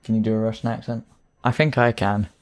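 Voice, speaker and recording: A man's voice: fairly low pitch, level tone, fairly quick. A man playing a game and chatting, dry and teasing, who swears when he trips over his words. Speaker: game player. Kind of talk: joking banter over a game.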